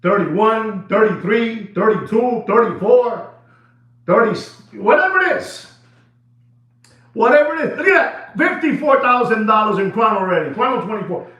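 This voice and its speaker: Animated man speaking in an echoey room. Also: high voice, normal speed. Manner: animated, repetitive, shouts and laughs, mixes in Spanish. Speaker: watch dealer hosting a video. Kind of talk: excited off-the-cuff monologue. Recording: echoey room, dull sound.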